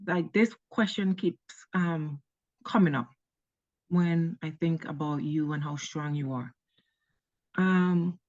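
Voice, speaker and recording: A woman asking interview questions in a halting way, searching for words with many "like"s. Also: lowish voice, no echo, dull audio.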